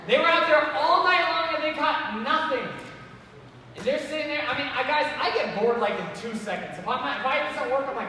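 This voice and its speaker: A man's voice: very high-pitched, a little fast, far from the mic, a little hiss or hum. Casual man teaching kids in echoey hall. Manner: casual and lively, asks the kids questions and gets them to respond. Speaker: children's church teacher. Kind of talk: Bible lesson for kids.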